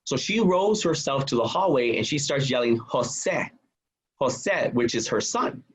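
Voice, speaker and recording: A man guest on a podcast, telling a personal story in an animated way and acting out the voices of the people in it. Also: medium pitch, moderate pace, husky, poor audio. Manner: acts out quoted voices.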